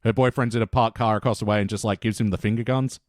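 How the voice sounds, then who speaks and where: A man's voice: on the low side, fairly even intonation, quick pace, no echo, clean studio sound. A man co-hosting a casual review podcast, telling stories, laughing often and leading the questions. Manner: chatty storyteller, laughs often, leads the questions. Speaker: podcast co-host.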